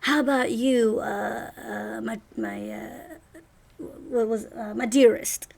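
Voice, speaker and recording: A woman's voice: a little high, sing-song, takes it slowly, vocal fry, darkish tone, heavily acted. A woman voicing a flirtatious male space taxi driver in a tabletop role-play game, charming and sweet-talking. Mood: friendly. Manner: charming, sweet-talking, calls people sugar.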